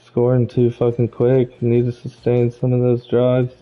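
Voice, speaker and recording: A man swears his way through a football video game, ranting at every bad play. His voice sits at an ordinary pitch and comes through a slightly dull, lo-fi mic. Faint game music plays underneath. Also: completely flat delivery, unhurried. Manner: angry, profane ranting, rising to shouts at plays. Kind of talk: live gameplay commentary.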